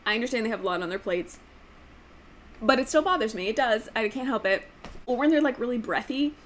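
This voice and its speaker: A young woman chatting casually on camera, ranting in an exasperated, animated way with sudden jumps in pitch. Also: a little fast, slight background noise. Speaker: book vlogger. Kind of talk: casual chat.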